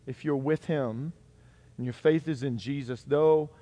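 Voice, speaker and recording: A pastor preaches a sermon, reading scripture aloud and then speaking animatedly to his congregation, swinging between loud and soft passages. His voice is medium-pitched and his pace measured.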